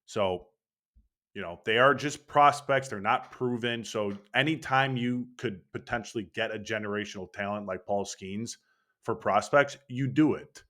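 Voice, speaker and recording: A man's voice: fairly low pitch, normal speed, pushed and bright. A young man hosting a casual sports opinion monologue, brash and profane, talking with hyped energy. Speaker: baseball channel host.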